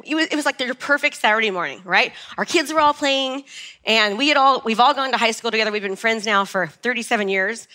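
A woman's voice: a little high, sharp tone. A woman in her forties giving a chatty, nervous motivational talk on stage to a live audience. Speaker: motivational speaker.

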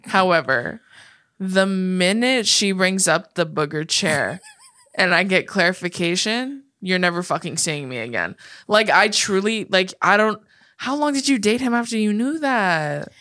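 Bright, blunt young woman co-host. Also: mid-range voice, expressive, a little slow, no room sound, clean studio sound. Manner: blunt, profane, incredulous. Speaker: podcast co-host. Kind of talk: casual chat.

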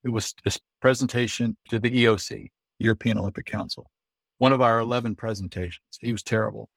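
Low-voiced American man telling stories. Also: fast talker, gravelly, husky, no room sound. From United States. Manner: lively storyteller who acts out quoted dialogue. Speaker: guest, Olympic bid consultant. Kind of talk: anecdotal interview storytelling.

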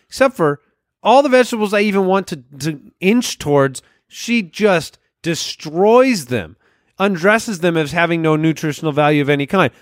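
Wry man, slightly high voice. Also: lively intonation, normal speed, no room sound, clean studio sound. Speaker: podcast co-host. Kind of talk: casual banter.

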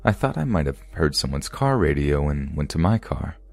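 Very deep-voiced man narrating scary stories. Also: sing-song, normal speed, vocal fry, a little mellow. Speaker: podcast narrator.

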